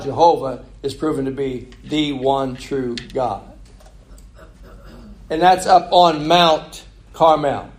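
A man's voice: on the high side, a little mellow. A man preaching a conversational sermon, asking the congregation rhetorical questions.

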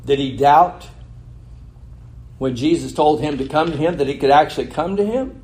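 An animated preacher with a slightly high, somewhat mellow voice speaks at normal speed. He reads a passage of scripture, puts it in his own words, and asks rhetorical questions, laughing at a blunder and setting it right.

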